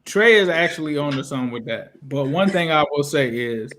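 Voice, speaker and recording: A man hosting a casual live-stream chat, animated and leaning on "bro" as he talks. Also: on the high side, brisk, crowd noise. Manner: animated, says bro a lot. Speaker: host.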